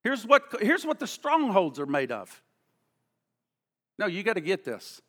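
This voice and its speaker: A high, piercing male voice preaches with fervor, leaping from shouts down to hushed asides. He is a middle-aged pastor, and his words carry a long echo through a church hall. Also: huge pitch swings, a little slow. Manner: fervent, emphatic preaching that swings from shouts to hushed tones. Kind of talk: sermon.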